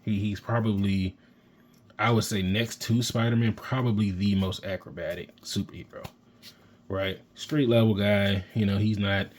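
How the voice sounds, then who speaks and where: Deep-voiced man, excitable toy reviewer, rambling, faint room hum behind. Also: moderate pace. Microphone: handheld camera mic.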